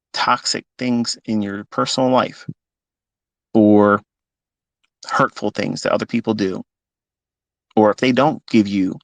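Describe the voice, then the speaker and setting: A man's voice: fairly low pitch, gravelly, dry recording. A fifty-year-old man, a trading mentor, speaking off the cuff in a live audio talk, emotional and blunt and swearing freely. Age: 50s.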